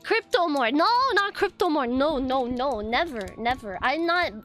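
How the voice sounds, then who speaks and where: High bright-voiced flustered young woman. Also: animated, normal speed, faint music behind. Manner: flustered, rambling, swears often. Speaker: streamer. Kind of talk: casual live-stream chat.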